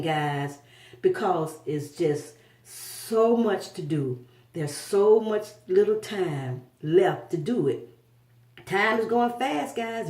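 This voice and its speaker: A woman's voice: medium pitch, a little mellow. A middle-aged woman giving an emphatic motivational talk, repeating her key phrases to drive them home. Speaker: vlogger giving life and business advice. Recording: echoey room, mic far off.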